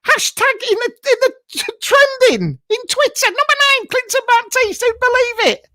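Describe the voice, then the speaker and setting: A man performs a brash, camp psychic medium hosting a live stream from his garage, crude and teasing. The voice sits high and swoops about with lively energy. The sound is dry and close, like a computer mic. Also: normal speed, no room sound, heavily acted. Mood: teasing, bawdy. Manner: bawdy, teasing, breaks into frequent laughter. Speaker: host of a live psychic comedy show. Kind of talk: improvised live-stream comedy character. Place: double garage at home.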